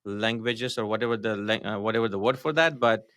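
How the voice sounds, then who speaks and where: A man guest on a podcast, explaining business tactics in a halting, matter-of-fact way with many fillers and restarts. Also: on the low side, fairly bright tone, no room sound. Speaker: podcast guest, marketing consultant. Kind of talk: casual podcast interview.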